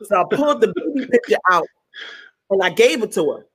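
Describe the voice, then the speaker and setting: A woman comedian telling a story in an interview, animated, acting out quotes and stumbling over repeated words. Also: mid-range voice, a little fast, slightly rough. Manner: animated, acts out quotes in other voices.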